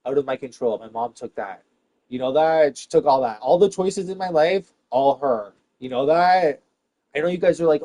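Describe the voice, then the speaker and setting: A man with a fairly high voice ranting straight to his viewers. His rambling, profane monologue lurches from loud outbursts to low, muttered asides. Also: moderate pace. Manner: rambling and profane, swings between loud and hushed.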